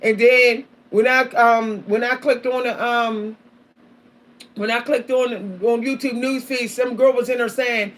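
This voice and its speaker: A woman's voice: on the high side, steady tone, a little slow. A woman vlogger talking casually and animatedly to her viewers, often repeating herself, calling out to them and laughing between points. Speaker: spiritual vlogger.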